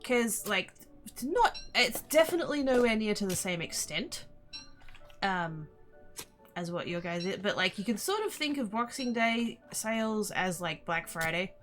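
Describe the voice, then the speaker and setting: Lively Australian woman streaming a game. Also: medium pitch, unhurried. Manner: chatty, swears and mutters while playing. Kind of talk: casual gaming livestream chat. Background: game music.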